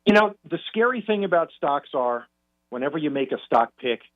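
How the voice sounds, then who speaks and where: A man calling in to a radio show as a guest financial commentator, explaining in a measured way with frequent restarts. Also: a little high, animated. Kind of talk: phone-in radio chat. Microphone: telephone call. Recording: tinny phone line.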